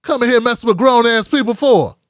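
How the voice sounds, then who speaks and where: A man's voice: very high-pitched, a little fast, no room sound, clean studio sound. A middle-aged man hosting a live commentary show, ranting in a heated, profane, mocking way.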